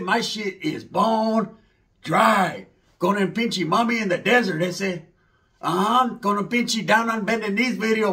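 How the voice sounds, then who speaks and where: A man's voice: sits high, pushed and bright. A man doing a rambling, slangy comedy monologue, mixing in Spanish words.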